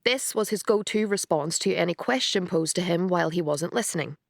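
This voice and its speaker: A woman narrating a story with wry, measured delivery. Her mid-range voice is recorded dry and close, with no room sound. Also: fairly low pitch, animated, vocal fry, no room sound. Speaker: audiobook narrator. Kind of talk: scripted narration.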